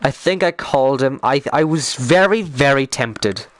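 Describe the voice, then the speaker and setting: A man's voice: mid-range voice, lively intonation, normal speed. A young Irish man chatting casually on a live stream, rambling, swearing freely and getting worked up as he talks.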